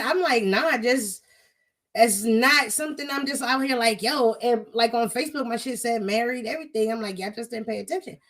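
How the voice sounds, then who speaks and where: A woman's voice: a little high, normal speed, fairly bright tone. A woman hosting a podcast in casual chat, blunt and profane, laughing often. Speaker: podcast host.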